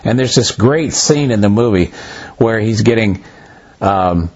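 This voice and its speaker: A man teaching a Bible study in an easygoing, conversational way, his pitch leaping up and down as he tells a story. His voice has a husky, slightly raspy edge. The recording is muffled and lo-fi. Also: measured pace. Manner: animated storyteller, voices dialogue, loose restarts.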